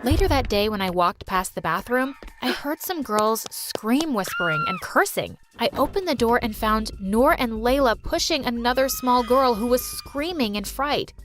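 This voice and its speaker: A woman narrating a dramatic animated story in a scripted, expressive storytime style. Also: a little high, normal speed, few pauses, over music.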